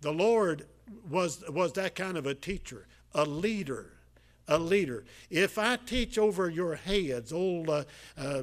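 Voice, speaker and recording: An older man preaching a sermon as pastor, folksy and repetitive, full of "uh"s, swinging between loud emphatic lines and quiet asides. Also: high-pitched.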